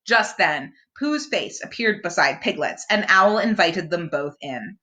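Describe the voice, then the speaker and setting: A woman librarian reading a picture book aloud to children, with expressive storytelling. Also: on the low side, unhurried, hardly any pauses.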